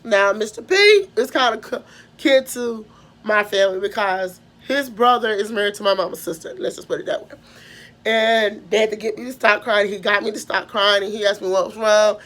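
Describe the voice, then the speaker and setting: A woman's voice: medium pitch, steady tone, a little fast, a bit bright. Young woman telling a rambling story. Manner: rambling, self-correcting, emotional retelling. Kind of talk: casual personal storytelling.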